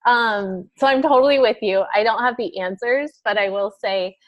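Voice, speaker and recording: A woman hosting a wellness group on a video call, telling a story in a chatty, animated way with lots of fillers. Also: mid-range voice, normal speed, highs cut off.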